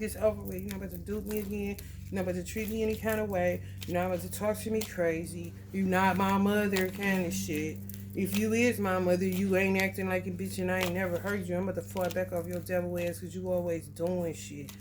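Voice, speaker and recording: A woman's voice: on the low side, flat delivery, brisk, noisy background. A woman giving a casual, blunt, profane astrology reading, preaching straight at her viewers. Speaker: tarot reader.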